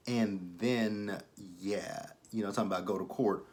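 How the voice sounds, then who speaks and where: A man's voice: lowish voice, a little slow, hardly any pauses. A young man hosting a casual episode review, talking loosely, swearing freely and acting out the characters' lines. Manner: animated, profane, acts out the characters' lines. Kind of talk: casual recap and commentary.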